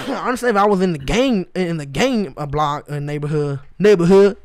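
A male podcast co-host telling a story in casual chat, profane and animated, shouting out the lines he quotes. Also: a little high, a little slow, long pauses.

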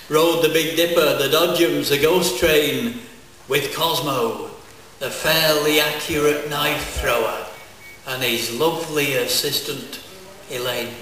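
A man reciting comic verse live on stage at a folk festival, with a deadpan delivery full of wordplay. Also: on the high side, slight background noise. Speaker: comic poet. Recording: echoey live hall, distant mic.

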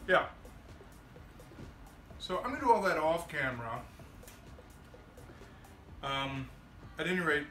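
Chatting his way through a workshop tutorial, this maker vlogger rambles and makes fun of himself in a bright, forceful, medium-pitched voice. The sound is roomy, from a distant mic, with music playing beneath.

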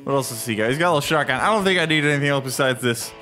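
A man voicing a hulking, gruff heavy gunner from a video game, in a low, slow, menacing tone. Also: lively intonation, sharp tone. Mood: gloating. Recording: game music behind.

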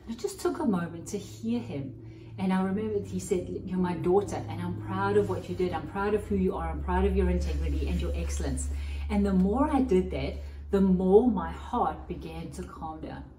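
A woman's voice: on the low side, lively intonation, normal speed, mellow, reverberant, distant mic, slight background noise, rough recording. A woman hosting a Christian podcast as a coach, giving an earnest, reflective teaching monologue and often checking in with "right?".

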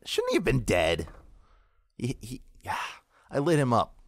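A young man's medium-pitched voice swoops wildly as he slowly jokes through his own gameplay, teasing himself along the way. The casual commentary has no room sound.

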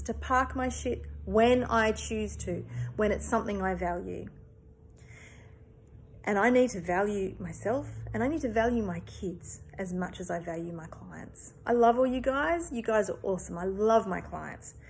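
A woman's voice: medium pitch, vocal fry, a little hiss or hum. A woman in her thirties, a therapist, talking earnestly and emphatically in a personal reflective monologue, swearing casually.

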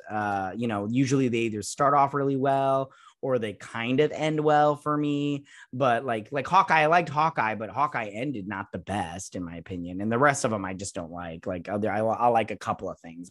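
A man's voice: medium pitch, a bit bright, no room sound, clean studio sound. A man casually recapping and reviewing a TV episode, rambling with lots of fillers and sarcastic asides. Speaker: show reviewer.

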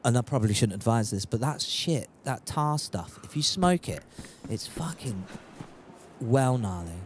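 A man's voice: medium pitch, expressive, a little slow, slight background noise. A young man chatting casually while streaming a game, reading out viewer messages, sweary and laughing at himself. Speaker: gaming streamer.

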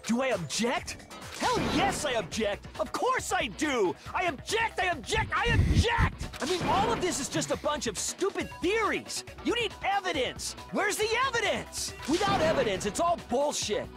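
An actor voicing a hot-headed, defiant teenage boy in a video game dub, shouting and hurling insults. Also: very high-pitched, very animated, moderate pace. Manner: shouting denials, insulting, explosive. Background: game music.

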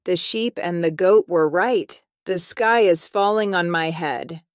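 A woman voicing a boastful male lion in a children's storybook, with a gruff, threatening delivery. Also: fairly low pitch, a little slow, dry recording, clean studio sound, close to an everyday voice. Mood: alarmed.

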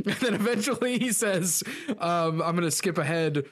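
A man's voice: sits high, lively intonation, moderate pace. A man co-hosting a casual book discussion podcast, reading passages aloud with stumbles and restarts. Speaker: podcast co-host.

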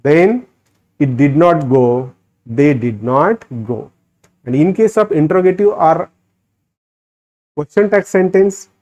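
A man with an Indian English accent teaching a grammar lesson, drilling sentence patterns slowly with rising emphasis. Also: on the high side, darkish tone. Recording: dull lo-fi recording.

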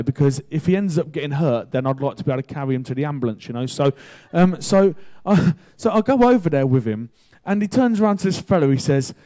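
A man preaching a sermon in a casual, chatty way, telling a story with excitable bursts. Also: on the high side, fast. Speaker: pastor.

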